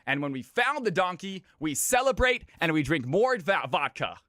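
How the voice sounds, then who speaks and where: A man's voice: fairly high pitch, very animated, normal speed, sharp tone, no echo, voice pushed up. A man voicing an earnest old village farmer.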